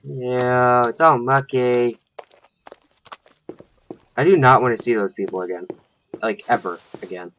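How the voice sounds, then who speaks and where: A man's voice: mid-range voice, fairly even intonation, a little slow, long pauses, a bit bright, slight background noise. A man giving let's play commentary, thinking aloud and swearing when startled. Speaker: gaming channel host.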